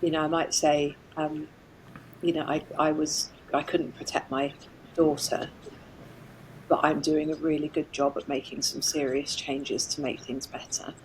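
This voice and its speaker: Emphatic, lower-pitched woman psychologist. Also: unhurried, a little hiss or hum, rough recording. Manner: expressive and emphatic, laughing often. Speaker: psychologist guest. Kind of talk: conversational podcast interview.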